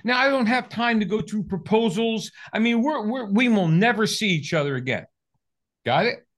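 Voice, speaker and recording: Here a high-pitched older man, a sales coach, talks at ordinary speed as a guest on an interview. He's an animated storyteller who plays both parts of the dialogue as he recounts it.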